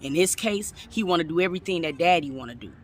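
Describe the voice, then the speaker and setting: A man's voice: a little high, expressive, quick pace, a bit bright, a little hiss or hum. A man doing casual reaction commentary, chatty and emphatic, talking straight to his viewers. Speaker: commentary vlogger.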